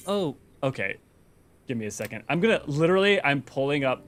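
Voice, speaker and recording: A man's voice: on the high side, sing-song, fairly quick, a bit bright, soft background music. A man hosting a game lore stream, chatting casually and rambling in a self-deprecating way while reading a story. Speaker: lore channel host.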